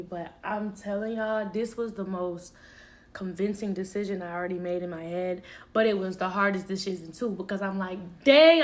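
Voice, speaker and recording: A young woman telling a personal story in a casual, candid way, swearing and laughing easily. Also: mid-range voice.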